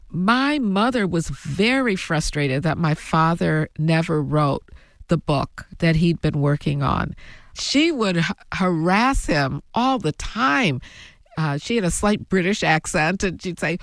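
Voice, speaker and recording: A woman telling her family story as an interview guest, reflective and given to soft laughs. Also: on the low side, no echo, studio quality. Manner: slow, reflective, laughs softly between thoughts. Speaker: guest, author.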